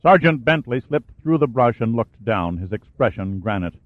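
A man's voice: mid-range voice, moderate pace, no echo. Man narrating a war thriller, tinny. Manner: steady storytelling, lifts and raises his voice for shouted dialogue. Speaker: audiobook narrator. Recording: dry, tinny phone-like sound.

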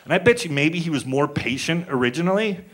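A man's voice: fairly high pitch, expressive, quick pace, a bit bright. Man telling a stand-up story. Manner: conversational, acting out quoted voices. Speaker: stand-up comedian. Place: comedy club stage. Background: audience laughter.

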